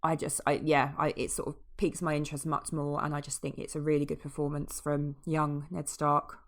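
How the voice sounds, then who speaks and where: A woman's voice: sits low, monotone, a little fast. A woman co-hosting a podcast, chatting in an enthusiastic, rambling way and often trailing off mid-sentence. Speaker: podcast co-host. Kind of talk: casual review chat.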